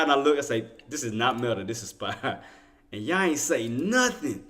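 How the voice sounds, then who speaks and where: A man hosts a stock trading livestream in a bright, forceful, medium-pitched voice with big pitch swings at normal speed. He jokes, laughs, and teases his chat in loose, slangy banter as he comments.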